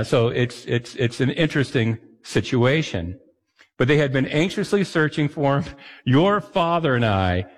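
A man's voice: fairly high pitch, in a large hall. A man preaching a sermon as a pastor, talking to his listeners in a conversational way with self-deprecating asides.

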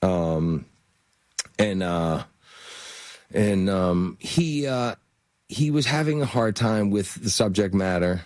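A man's voice: fairly low pitch, lively intonation, slow pace, long pauses, a little mellow, dry recording. A man being interviewed as an actor guest, telling stories in a rambling way with many fillers and restarts. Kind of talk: casual interview storytelling.

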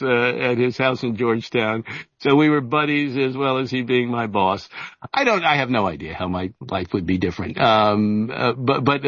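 A man's voice: mid-range voice, fairly bright tone, no echo. A man in his seventies tells long stories as an interview guest. He stumbles and restarts his sentences often. The sound is dry and a little dull. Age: 70s. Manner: halting, many fillers and restarts. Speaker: interview guest, author and journalist. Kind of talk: casual storytelling interview.

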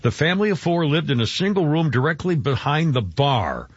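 A man's voice: fairly high pitch, sing-song, fairly quick, husky, no echo. A man hosting a radio show, chatting in a rambling way and stumbling over his words. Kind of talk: morning radio chat. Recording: dull, dry radio broadcast.

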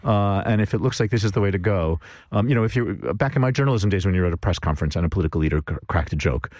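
Low-voiced, fast-talking male panelist. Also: expressive, a little mellow, no echo, studio quality. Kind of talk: radio panel chat. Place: radio studio.

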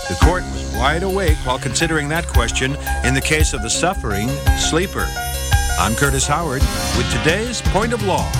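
A man hosting a short radio segment on the law, telling a court case in scripted narration. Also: fairly high pitch. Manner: storytelling, voices quoted speakers lightly. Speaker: legal segment host.

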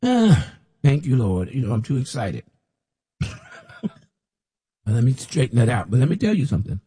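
Husky-voiced man preaching fervently. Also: mid-range voice, wildly swooping pitch, normal speed. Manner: preachy, repetitive, rises to shouts when mimicking others. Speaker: self-styled prophet preacher. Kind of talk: impassioned sermon monologue.

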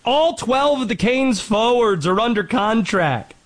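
A man hosting a sports show, delivering a lively commentary monologue and quickly rattling off statistics. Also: very high voice, low-quality recording. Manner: animated, quick rattling off of stats.

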